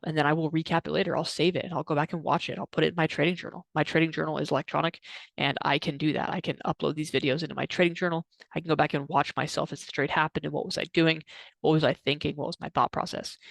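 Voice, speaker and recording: A young adult man giving an energetic motivational talk to camera, repeating himself and using lots of fillers. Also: a little high, gravelly, no echo. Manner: energetic, repetitive, filler-heavy. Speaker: trading coach vlogger.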